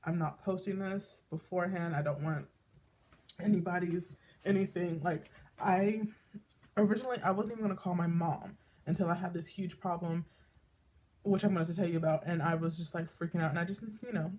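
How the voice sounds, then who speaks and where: A woman's voice: lowish voice, a little fast, darkish tone, a little hiss or hum. A woman talking candidly in a personal vlog, rambling with lots of fillers and restarts, emotional enough to tear up. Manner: emotional, tearing up at times. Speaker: vlogger.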